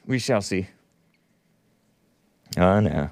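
A man's voice: sits low, lively intonation, slow pace, darkish tone, no echo, clean studio sound. A man hosting a call-in talk show, delivering a combative, sarcastic monologue full of rambling asides.

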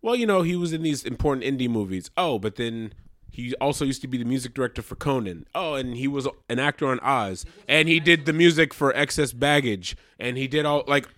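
A man chatting as a podcast guest, his medium-pitched voice dry and close with no room around it. He rambles enthusiastically and stumbles over his restarts. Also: lively intonation, fairly quick, fairly bright tone, no echo. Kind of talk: casual film podcast chat.

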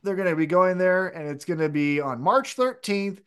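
On a casual wrestling chat podcast, a male co-host rambles and offers opinions as he talks things through, restarting often. His voice sits high and expressive at a moderate pace, with a clean tone.

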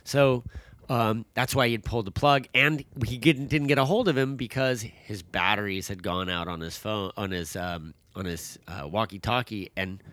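A man's voice: fairly low pitch, normal speed, a bit bright, no echo. A man casually telling a long story about a hike, with many fillers and restarts. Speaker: guest, father telling a hiking story.

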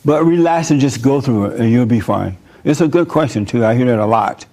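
A man delivers an informal sermon and answers listener questions in a conversational way, sharing personal stories and chuckling often. His mid-range voice has a dark tone, lively intonation, and a slightly fast pace.

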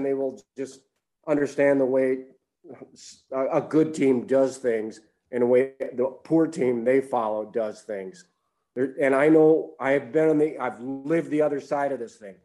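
A man's voice: mid-range voice, warm tone. An older man co-hosting a sports podcast, earnestly reminiscing in casual talk. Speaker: sportswriter co-host.

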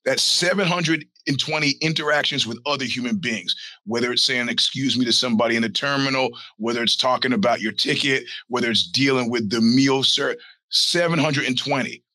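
A man's voice: medium pitch, brisk, bright, forceful tone, no echo, low-quality recording. A male podcast host telling rambling, profane stories in a casual monologue and acting out the people he quotes. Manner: profane storytelling with put-on quoted voices.

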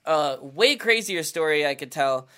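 A man's voice: on the high side, unhurried, a little hiss or hum. A young man, a rapper guest on a podcast, telling a story in casual chat, swearing freely and acting out the people he quotes. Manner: animated, swears a lot, acts out others in quotes.

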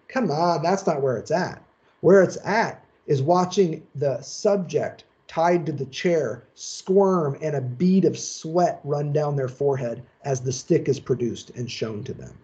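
A man giving a seminar lecture in a measured, emphatic, explanatory way. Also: a little high, dark tone, highs cut off. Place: lecture session.

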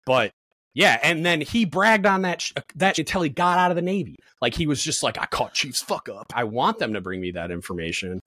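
A man's voice: a little high, very animated, fairly quick, bright, forceful tone, no echo. A man in his thirties, a podcast guest, telling work stories in casual chat with lots of fillers and swearing. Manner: blunt, profane, storytelling with lots of fillers.

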